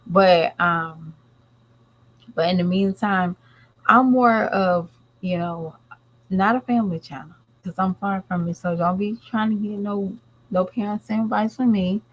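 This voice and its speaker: Speaking a little slowly in a mid-range voice, this mom vlogger addresses her audience directly in a casual, blunt, rambling chat. The sound is lo-fi.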